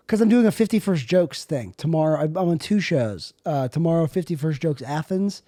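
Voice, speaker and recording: A man's voice: a little high, lively intonation, fairly quick, warm tone, no room sound, clean studio sound. A man co-hosting a podcast, a stand-up comedian riffing playfully on jokes in casual chat.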